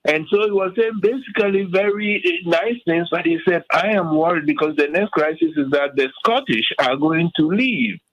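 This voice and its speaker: Older man from Africa, radio guest, passionate and animated, dry close sound. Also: fairly high pitch, normal speed, few pauses, no room sound, dull audio. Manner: fired up, animated, many restarts and "okay?" asides. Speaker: guest commentator. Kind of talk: radio talk show discussion.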